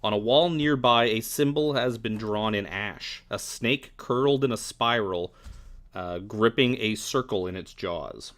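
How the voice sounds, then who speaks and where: A man narrating as game master in a casual, halting way with plenty of fillers. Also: lowish voice, a bit bright.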